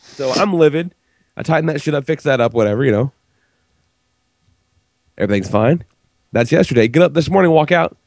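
Male podcast host who sounds under the weather, gravelly, lively pitch, profane and fed up. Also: fairly quick, pauses often, no room sound. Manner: profane, exasperated storytelling. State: sick-sounding. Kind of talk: casual chat.

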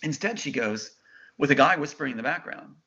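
Man, middle-aged, intense, insistent, bright, dull recording. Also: fairly high pitch, animated, fairly quick. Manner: intense, insistent, quotes others' words. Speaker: interview guest. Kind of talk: emotional storytelling. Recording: dull lo-fi sound.

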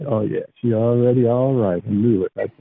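Gravelly man praying over a phone line. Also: lowish voice, brisk. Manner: emotional, repeats phrases. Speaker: caller sharing praise and testimony. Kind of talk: heartfelt phone prayer and testimony.

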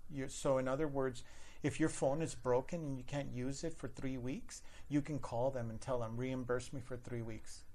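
A man's voice: mid-range voice, moderate pace. A man in casual podcast chat, telling stories from his phone support job and acting out the people in them. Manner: animated, acts out callers and managers in his stories. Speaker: podcast host, former phone support worker.

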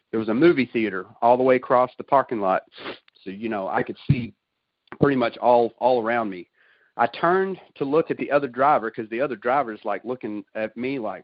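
A man recounting a turning point in his life with folksy earnestness and quick laughs at himself. His voice sits at an ordinary pitch, and the recording is dry and a little dull, like a lo-fi call. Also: dry recording. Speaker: guest sharing a testimony. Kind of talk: emotional personal storytelling. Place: call over the internet.

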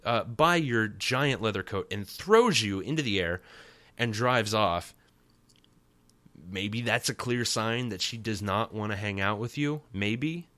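A man's voice: lowish voice, lively intonation, measured pace, a bit bright, no room sound. A man hosting a podcast, giving a rambling, wry and sarcastic recap of a cartoon episode. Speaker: podcast host.

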